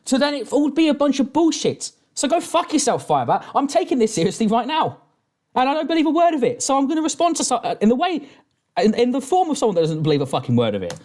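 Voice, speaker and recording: Fields: Man. Style: swearing, lively reaction rant. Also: extremely high pitch, quick pace. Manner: angry, swears constantly, rambling restarts. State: drinking during stream. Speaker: streamer reacting to a video.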